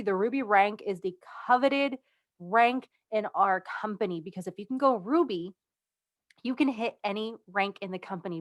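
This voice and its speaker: Upbeat woman coaching her sales team. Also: mid-range voice. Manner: upbeat, conversational, stresses key words. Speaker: direct-sales team leader. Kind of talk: casual instructional video.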